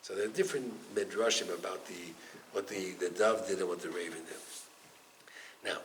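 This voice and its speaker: A man teaching a Torah class as a rabbi, animated and storytelling, acting out the figures in his stories. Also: low-pitched, normal speed, slight background noise, rough recording. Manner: animated, acts out the stories in quoted voices.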